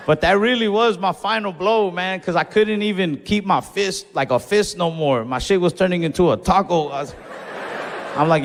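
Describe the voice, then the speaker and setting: Laid-back gravelly stand-up comedian, a man. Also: high voice, normal speed, a little hiss or hum. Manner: laid-back, profane, acts out his own shouts. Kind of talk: stand-up storytelling. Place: comedy club stage. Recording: live room with long reverb.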